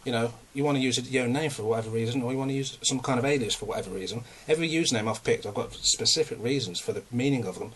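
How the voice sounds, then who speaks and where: A man's voice: medium pitch, very fast, hardly any pauses, fairly bright tone, a little hiss or hum. A young man, talking in a casual, rambling and self-mocking way, a bit out of breath. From England. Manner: ranting, self-mocking, chatty. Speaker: vlogger.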